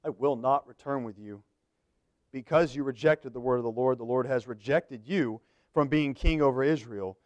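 A man voicing a stern prophet who rebukes a king in a grave, lowered voice. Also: normal speed, a little mellow, no room sound, muffled recording, natural voice.

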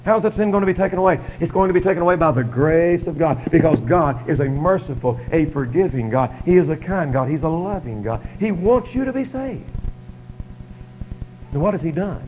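A man preaching a sermon, asking rhetorical questions and swinging between loud emphasis and quiet stretches. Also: fairly high pitch, lively intonation, brisk, muffled recording. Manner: emphatic rhetorical questioning, rising and falling loudness.

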